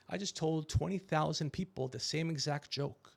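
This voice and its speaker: A middle-aged man hosting a podcast, telling stories in a casual comedic chat and acting out quotes with animated voices. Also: on the high side, moderate pace, gravelly. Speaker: podcast host.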